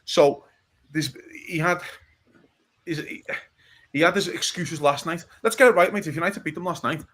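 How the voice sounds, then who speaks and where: Bright-voiced man, blunt and animated. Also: on the high side, normal speed. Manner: animated and blunt, swears, keeps asking "do you know what I mean". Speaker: podcast co-host. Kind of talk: casual football chat.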